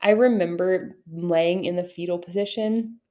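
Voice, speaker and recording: A woman in her thirties with a fairly low voice sits in on a podcast conversation, speaking earnestly and reflectively. Her talk is loose and casual, full of fillers as she works through her thoughts. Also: fairly even intonation, a little slow, highs cut off. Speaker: podcast co-host. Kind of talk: casual chat.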